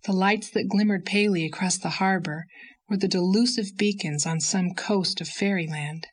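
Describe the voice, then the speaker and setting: Woman narrating an audiobook. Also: mid-range voice. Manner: measured, expressive reading.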